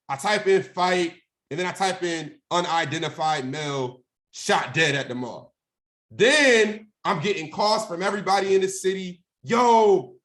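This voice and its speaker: With a fairly high, fairly bright voice, a young man shares a personal story as a guest speaker. He keeps it conversational, tosses in "right?" often, and plays out phone calls.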